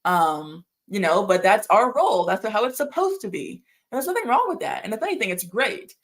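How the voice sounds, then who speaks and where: A woman's voice: medium pitch, big pitch swings, brisk. A young woman hosting a livestream, rambling in casual chat as she reads viewer comments, often laughing and short of breath. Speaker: livestream host.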